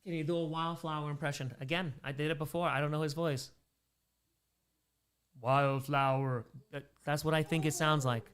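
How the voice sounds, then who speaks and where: A man's voice: a little high, fairly even intonation, fast talker, few pauses, a bit bright, smooth. A man hosting a charity livestream, reading out donations and bantering with chat, sometimes in character as a made-up persona.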